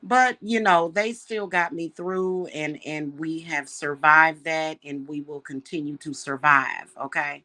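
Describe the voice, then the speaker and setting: A woman who calls herself a witch, talking warmly and emotionally to her viewers about spiritual protection, on the edge of tears. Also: deep voice, measured pace, few pauses. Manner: heartfelt, emotional, addresses viewers as y'all. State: close to tears. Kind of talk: casual spiritual talk to viewers.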